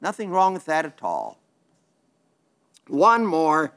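Folksy tv preacher guy, earnest, kinda high voice, reads viewer letters. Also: huge pitch swings, slow, a bit bright. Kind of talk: televised sermon and letter reading.

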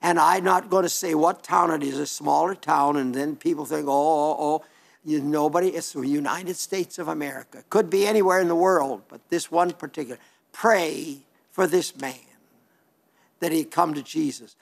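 A man's voice: a little high, moderate pace, gravelly. An older man from South Dakota, a radio preacher reading listener letters and giving a plainspoken, folksy sermon that rambles with restarts.

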